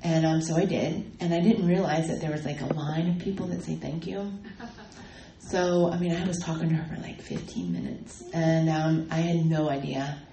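Low-voiced woman, halting testimony. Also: mellow, reverberant, a little hiss or hum, low-quality recording. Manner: halting, many ums and restarts. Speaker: speaker sharing her recovery story. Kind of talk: personal testimony talk.

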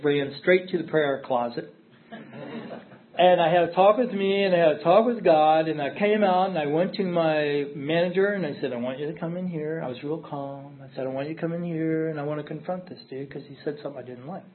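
A man's voice: medium pitch, slight background noise. Middle-aged man sharing his story, tinny phone-like sound. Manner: candid, emphatic storytelling with repeated phrases. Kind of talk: recovery meeting share.

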